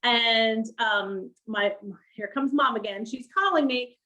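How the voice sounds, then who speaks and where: A middle-aged woman telling her story as an interview guest, animated and laughing often as she acts out quoted voices. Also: a little high, measured pace, dull audio. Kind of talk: storytelling on a livestream.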